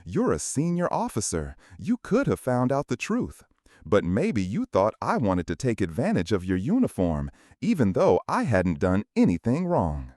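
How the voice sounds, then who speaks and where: A man voicing a quiet, saddened husband who answers calmly in a spoken story. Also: on the low side, normal speed, no room sound, studio quality. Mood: hurt. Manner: calm, quietly hurt. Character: calm, saddened working-class husband.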